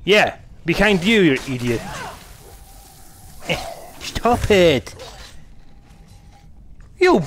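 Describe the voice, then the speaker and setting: A man giving casual gameplay commentary, excitable, swearing and laughing often with sudden loud outbursts. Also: medium pitch, slow, long pauses, a little hiss or hum. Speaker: gamer.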